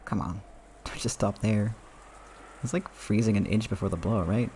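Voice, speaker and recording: A man's voice: lowish voice, moderate pace, a little hiss or hum, close to an everyday voice. A man voicing a brash young man who speaks in a teasing, incredulous way. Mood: skeptical. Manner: loud, incredulous.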